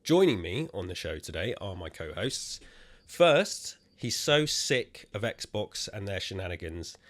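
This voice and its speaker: A man's voice: deep voice, sing-song, normal speed, fairly bright tone. A man hosting a gaming podcast, giving teasing, jokey introductions in casual chat. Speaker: podcast host.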